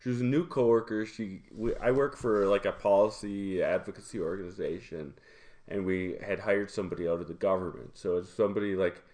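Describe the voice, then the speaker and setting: Man, casual co-host, lowish voice, chatty, restarts often, laughs between phrases. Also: steady tone, brisk, a little mellow. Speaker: podcast co-host. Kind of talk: casual chat.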